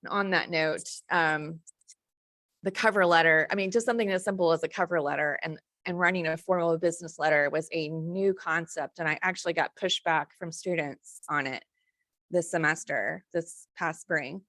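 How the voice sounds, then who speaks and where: A woman's voice: fairly low pitch, normal speed, fairly bright tone, dry recording, studio quality. A woman speaking as a faculty fellow on a panel, in a conversational way with many fillers and self-corrections.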